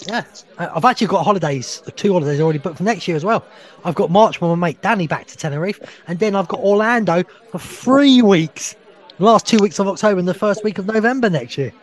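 A man with a notably high speaking voice chats rowdily on a podcast. He swears freely and laughs often. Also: animated. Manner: boisterous, swearing, quick laughs. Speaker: podcast co-host. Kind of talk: casual pub-style chat.

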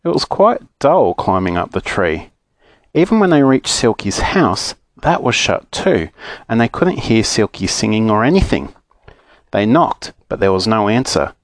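Australian dad reading a storybook. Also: male voice, fairly low pitch, dry recording. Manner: expressive storybook narration. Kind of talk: reading a children's book aloud.

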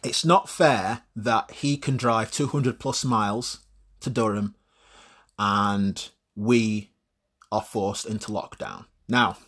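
A man talks through his opinions alone in a husky, slightly breathy voice. He is blunt and swears freely. He often restarts and repeats words while he works through a point. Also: fairly low pitch, steady tone, takes it slowly, fairly bright tone. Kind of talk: opinionated solo monologue.

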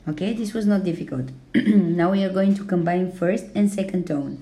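A woman teaching in a podcast lesson, speaking slowly and carefully with many fillers, her voice still a little hoarse as it recovers. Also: lowish voice, warm tone. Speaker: language teacher.

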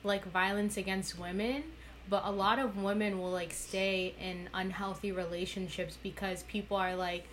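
A woman's voice: mid-range voice, flat delivery, normal speed, slight background noise. Earnest young woman, filler-heavy talk. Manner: reflective, earnest, many "like" fillers. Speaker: podcast guest, women's rights activist. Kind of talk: casual conversational interview.

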